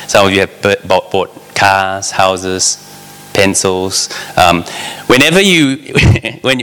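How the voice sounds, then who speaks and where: A man preaches a sermon in a bright, forceful voice, speaking earnestly and directly to his listeners in a plain, conversational way. His words ring out in a large hall, with a long reverb trailing behind each phrase. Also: mid-range voice.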